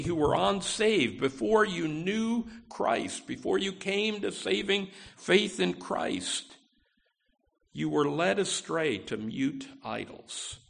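A man's voice: high-pitched, gravelly, a bit bright. A man preaching a sermon in a conversational way, often saying "you know" and restarting phrases. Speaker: pastor.

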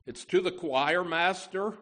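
A man preaching a sermon as pastor of his church, emphatic and deliberate, with frequent "you know" asides. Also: sits high, fairly bright tone.

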